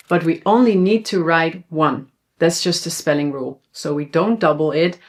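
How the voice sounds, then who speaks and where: A woman with a Dutch accent teaching a language lesson, explaining clearly and slowing down to model words. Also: lowish voice, expressive, darkish tone.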